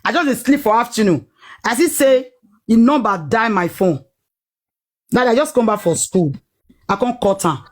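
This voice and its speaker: A woman with a Nigerian Pidgin accent telling a personal story in a lively, dramatic way, acting out what people said. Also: a little high, moderate pace, long pauses. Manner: animated, dramatic retelling with acted-out quotes.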